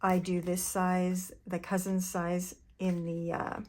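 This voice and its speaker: A woman's voice: fairly low pitch, completely flat delivery, takes it slowly, a little mellow. A woman talking casually to her viewers while showing a sticker haul, chatty and gushing with lots of fillers. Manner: chatty, gushing, addresses viewers as "you guys". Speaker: planner vlogger.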